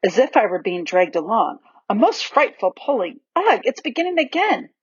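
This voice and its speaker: A woman's voice: a little high, lively intonation, brisk, husky, no echo, pitched above the performer's own voice. A woman voicing Edmund, a bold schoolboy who takes charge in an urgent, lifted voice, in a dull, dry recording. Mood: alarmed.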